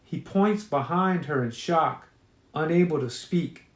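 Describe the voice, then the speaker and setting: An author reads his own horror story aloud, telling it casually with occasional fillers. His voice is a little high and unhurried, and the recording has a roomy echo.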